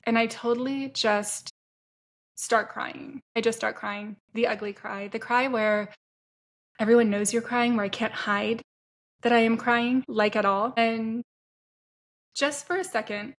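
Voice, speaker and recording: A woman's voice: a little high, steady tone, measured pace. Frank, chatty middle-aged woman. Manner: frank, chatty, self-deprecating with bursts of laughter. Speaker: entrepreneur telling her story. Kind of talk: candid personal storytelling to camera.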